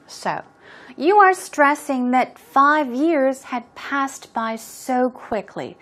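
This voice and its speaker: A woman's voice: sits high, animated, a bit bright. A woman teaching English expressions, explaining words patiently and modeling pronunciation. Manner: clear, patient, drawn-out teaching delivery.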